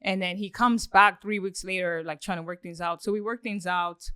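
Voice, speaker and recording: A woman appearing as a podcast guest tells a story casually, rambling with lots of fillers, frequent swearing, and animated acted-out quotes. Her medium-pitched voice is smooth and moves at a normal speed, captured in clean studio sound without echo.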